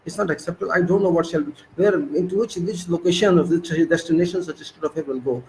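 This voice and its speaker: A man's voice: on the high side, fast, a little mellow, a little hiss or hum, rough recording. A man with an Indian English accent delivering an indignant political monologue, lecturing and often restarting his words. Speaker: political commentator. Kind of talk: monologue commentary.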